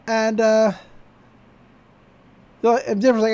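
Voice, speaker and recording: A podcast host casually recapping a cartoon episode, telling it in an animated way and laughing often. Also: medium pitch, slow pace, long pauses.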